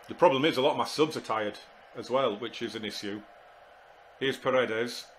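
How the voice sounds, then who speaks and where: A gaming YouTuber commentates live on his football management game, speaking at normal speed and medium pitch. Exasperated, he mutters to himself and shouts suddenly when goals go in, with a little hiss or hum in the audio.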